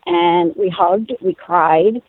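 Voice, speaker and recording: A woman in her thirties tells a personal story in lively conversation, laughing and acting out what others said. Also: on the low side, slow pace, dry recording. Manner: animated, laughing, acts out quoted voices. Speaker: guest telling a personal story. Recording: tinny phone-like sound.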